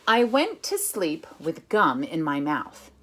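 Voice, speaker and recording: A woman's voice: sits low, takes it slowly. Woman teacher chanting a story in rhythm. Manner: chants words in steady rhythm; patient, step-by-step instructions. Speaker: music teacher. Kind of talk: reading a picture book aloud to children.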